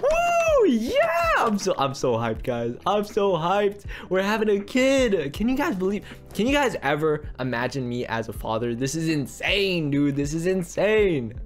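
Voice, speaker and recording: A man giving excited, jokey commentary while role-playing in a game. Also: on the high side, moderate pace, few pauses. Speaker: gaming YouTuber.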